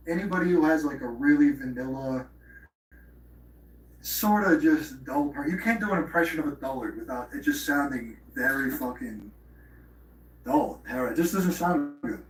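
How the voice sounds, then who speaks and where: A man's voice: on the high side, brisk, distant mic. Profane rambling man, roomy and off-mic. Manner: profane, rambling, breaks into mock impressions. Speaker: livestream host. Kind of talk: rambling live-stream chat.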